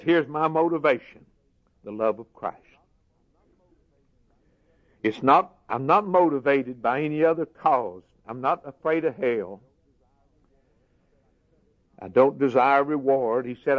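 A man preaching a sermon in earnest, plain folksy words, dropping to a hush and then rising for emphasis. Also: mid-range voice. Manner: earnest, swings from soft and hushed to raised emphasis. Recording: dull lo-fi sermon recording.

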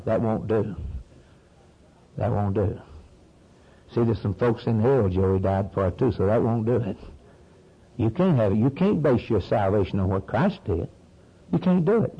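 Fervent preacher on lo-fi radio. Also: male voice, expressive, normal speed, pauses often, warm tone, slightly rough. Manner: fervent, swings from low earnest to high rising emphasis. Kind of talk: sermon. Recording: muffled lo-fi old radio broadcast.

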